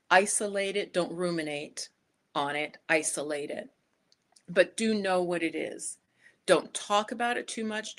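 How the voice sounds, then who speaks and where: A woman life coach giving a casual, chatty motivational talk, speaking directly to her viewers. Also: fairly low pitch.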